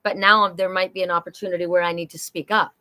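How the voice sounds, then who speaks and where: A woman's voice: lowish voice, flat delivery, fast, pushed and bright. A middle-aged woman leads a live oracle reading. She talks in a chatty, upbeat way, cheering on her viewers. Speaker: oracle card reader and psychic host.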